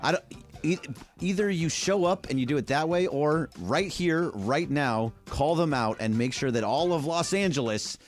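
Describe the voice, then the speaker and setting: A man's voice: on the high side, animated, moderate pace, soft background music. Joking man radio host. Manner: joking, teasing banter. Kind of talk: casual chat.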